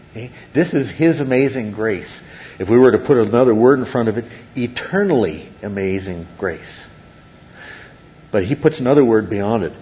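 A man's voice: medium pitch, highs cut off. A man preaching a sermon as pastor, earnest and building to exclaimed wonder.

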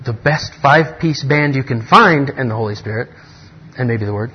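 Husky man teaching a Bible class. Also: medium pitch, lo-fi sound. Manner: earnest, rambling with restarts, grows excited. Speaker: Bible study leader.

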